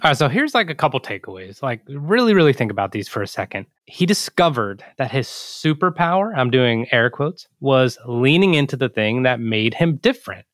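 A man's voice: mid-range voice, big pitch swings, normal speed, few pauses, fairly bright tone, no room sound. Man summing up takeaways, dry sound. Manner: summarizing, coaching tone. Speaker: podcast host. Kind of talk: casual podcast commentary.

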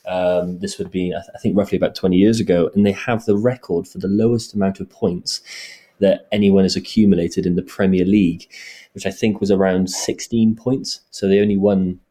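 Deep, mellow man, hesitant. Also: steady tone, fairly quick. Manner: hesitant, with many restarts and fillers. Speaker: podcast co-host. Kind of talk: casual podcast chat.

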